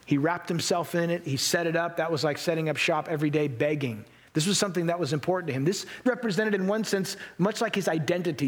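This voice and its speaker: A man's voice: a little high, a little fast. Earnest man preaching with emphasis. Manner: earnest, emphatic preaching with dramatic re-enactments of Bible scenes. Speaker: pastor. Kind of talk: sermon.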